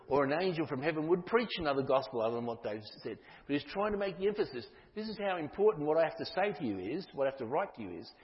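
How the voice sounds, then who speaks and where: A man preaching a sermon in an emphatic way, with forceful stresses and frequent restarts. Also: fairly high pitch. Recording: dull audio with long hall reverb.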